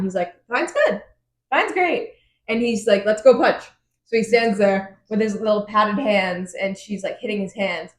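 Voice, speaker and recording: A woman's voice: medium pitch, echoey room. A woman co-hosting a podcast, casually recapping a novel's chapters with lots of laughter, slang and swearing. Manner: giggly, swearing, retelling scenes in quick voices. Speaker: podcast co-host. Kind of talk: casual book chat recap.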